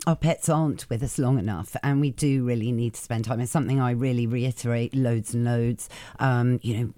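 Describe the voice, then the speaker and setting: A woman co-host gives earnest advice in a mellow, dark voice. She sounds close, with dry sound. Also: a bass voice, no room sound. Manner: earnest, advising. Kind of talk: casual chat.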